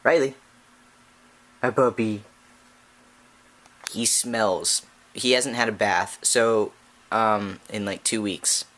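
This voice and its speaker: A man's voice: slow pace, a bit bright. Rambling guy vlogging from home. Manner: rambling, with many ums and trailing restarts; baby talk to his dog in a playful high voice. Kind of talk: casual vlog chat. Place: at home indoors. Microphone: handheld camera held in one hand.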